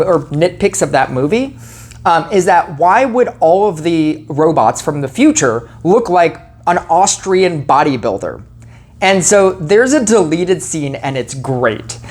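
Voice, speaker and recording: A woman giving a casual spoken film review, rambling with lots of "like" and "you know" and frequent self-corrections. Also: fairly low pitch.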